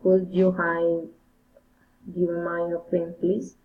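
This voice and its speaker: A woman reading English pronunciation drills aloud, word by word, carefully and haltingly, often repeating words. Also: fairly low pitch, completely flat delivery, slight background noise. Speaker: English learner. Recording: tinny phone-like recording.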